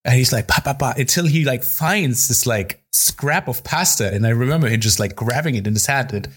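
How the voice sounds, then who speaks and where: A man's voice: medium pitch, a little fast, a bit bright, husky. A man, a chef and podcast co-host, telling a story in casual chat, often laughing and swearing casually.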